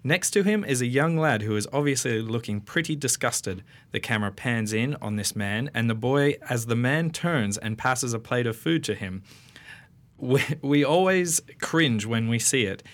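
Brisk man hosting a podcast. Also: mid-range voice, animated, fairly bright tone. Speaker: podcast host. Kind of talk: reading news items and hosting chat.

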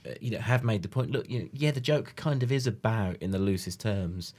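A man's voice: lowish voice, fairly quick, darkish tone, husky. A man co-hosting a podcast in casual chat, rambling with many fillers and restarts. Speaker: podcast co-host.

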